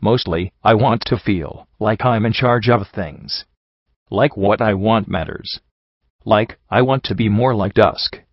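A man's voice: fairly low pitch, measured pace, no echo, lo-fi sound. A man reading an anxious young pegasus mare. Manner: hesitant, conflicted. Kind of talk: audiobook reading.

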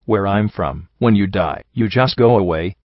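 An anguished young pony mare , read by a man in his low natural voice. Her words come strained and raw. The recording is dull and dry. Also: moderate pace, dry recording, close to an everyday voice. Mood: grieving. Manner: strained, emotional.

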